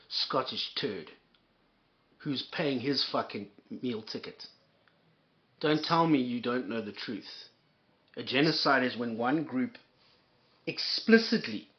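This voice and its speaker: Guy ranting and cussing on his commentary show, stammery, muffled audio. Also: medium pitch. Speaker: commentary host. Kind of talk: angry reaction commentary.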